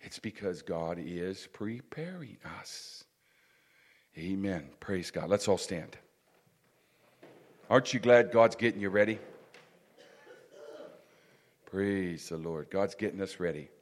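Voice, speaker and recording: A man preaching in a church, his voice sitting a little low. He delivers the sermon in a preacherly way, dropping in "praise God" and "amen" between phrases and letting his volume swell and fall as he builds each point. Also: slow pace, long pauses. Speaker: pastor. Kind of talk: sermon and closing prayer.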